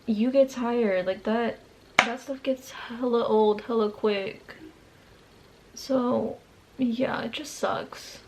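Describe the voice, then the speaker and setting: A woman's voice: a little high, fairly even intonation, slow pace, heavy background noise. Chatty young woman doing her makeup. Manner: casual, rambling, lots of "like" and slang. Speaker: beauty vlogger. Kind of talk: chatty get-ready-with-me vlog. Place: home, doing makeup at a mirror.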